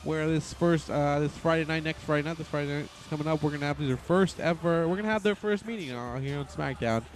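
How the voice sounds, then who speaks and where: A man giving casual, excitable play-by-play commentary on a wrestling video game, rambling and often correcting himself. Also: a little high, fast talker, a little hiss or hum.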